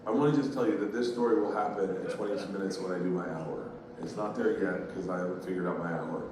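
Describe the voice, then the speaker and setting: Rambling comedian taped from far off. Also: male voice, low-pitched, steady tone, fast, background noise. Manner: rambling, profane, laughs at his own jokes. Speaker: stand-up comedian. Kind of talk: stand-up storytelling. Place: comedy club stage. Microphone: handheld stage mic heard from a distant recorder. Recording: very echoey room taped from afar, loud crowd ambience.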